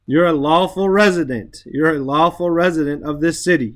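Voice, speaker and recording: A man's voice: on the high side, normal speed. A man teaching an Arabic and Quran class, explaining grammar patiently, often checking with "right?", reciting verses and then translating them.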